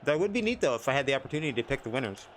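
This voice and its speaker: A man's voice: medium pitch, big pitch swings, racing, a little hiss or hum. A man streaming a wrestling management game, chatting casually in a rambling, self-deprecating way. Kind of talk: casual gameplay commentary.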